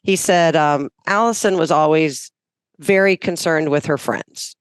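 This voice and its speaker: A woman's voice: sits low, measured pace, clear, resonant tone, dry recording. A woman in her fifties from Alabama, chatting casually as a podcast guest, rambling and cutting herself off. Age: 50s. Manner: rambling, self-interrupting, lively. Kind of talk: casual chat.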